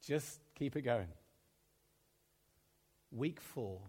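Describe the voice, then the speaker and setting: A man's voice: medium pitch, expressive, drawn-out words, dark tone, husky. A man preaching a sermon, telling stories with acted-out dialogue and laughing often as he speaks. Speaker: pastor.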